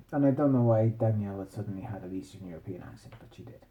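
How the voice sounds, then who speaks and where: A man's voice: mid-range voice, quick pace, highs cut off. A man improvising a meandering, playful bedtime story. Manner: playful, meandering, self-interrupting.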